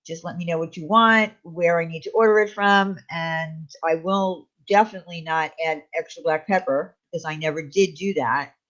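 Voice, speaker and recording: A woman co-hosting a casual live chat show, talkative and quick to laugh, trailing off between thoughts. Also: sits low, steady tone, a bit bright, muffled recording. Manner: chatty, laughs often, trails off. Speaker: livestream co-host.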